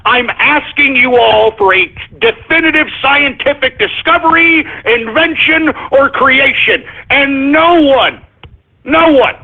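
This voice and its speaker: A man's voice: very high voice, a little slow. A man hosting a talk radio show, ranting in a combative, sarcastic and repetitive way. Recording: tinny phone-like lo-fi audio.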